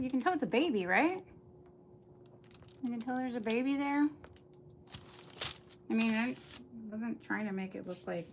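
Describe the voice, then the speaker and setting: A woman's voice: a little high, creaky. Woman, middle-aged, livestream host, rambling, chatty, casual, faint background noise. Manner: rambling, chatty, talks to viewers. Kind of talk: casual livestream chat while crafting.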